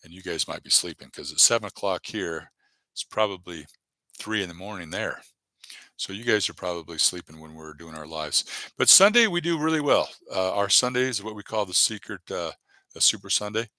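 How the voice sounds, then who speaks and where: A man with a fairly low but bright, forceful voice talks loosely through a livestream, encouraging viewers and reading their chat aloud. The sound is dry and close, with no room around it. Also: animated, a little fast, no room sound. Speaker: YouTube livestreamer.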